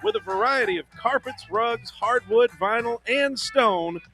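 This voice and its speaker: Guy reading a radio ad, high voice, smooth and upbeat, music under. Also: unhurried, sharp tone, rough recording. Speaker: ad announcer. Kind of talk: scripted radio ad read.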